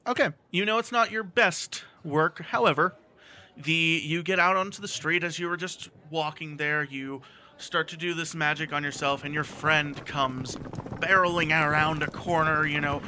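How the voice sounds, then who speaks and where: Bright-voiced man running a tabletop game. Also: fairly high pitch, fairly even intonation. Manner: casual, halting, with many fillers. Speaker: game master.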